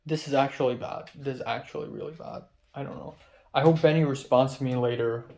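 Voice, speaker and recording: A man's voice: medium pitch, steady tone, fairly quick, darkish tone. A young man venting in an agitated, profane video diary, recorded indoors at his apartment. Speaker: vlogger.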